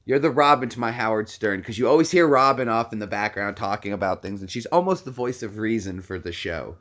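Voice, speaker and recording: A man's voice: fairly low pitch, fairly quick, fairly bright tone. A man hosting a casual live stream, rambling and slipping into voice impressions mid-sentence.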